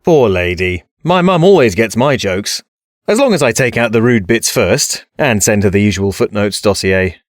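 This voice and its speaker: Wry theatrical comedy host. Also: male voice, fairly low pitch, lively intonation, normal speed, no echo, clean studio sound. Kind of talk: scripted comedy narration.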